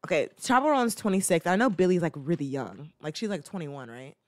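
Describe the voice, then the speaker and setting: With a voice on the low side, very animated and fairly quick, a woman hosts a show and reacts casually to a clip. Her chatty rambling is full of fillers and restarted sentences, and she acts out playful little scenes.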